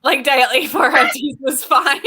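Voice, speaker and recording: Stream co-host, woman, bright tone, giggly, quotes friends in voices. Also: sits high, a little slow. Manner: chatty and giggly, acts out quotes. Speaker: co-host of a livestream reading sprint. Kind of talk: casual chat.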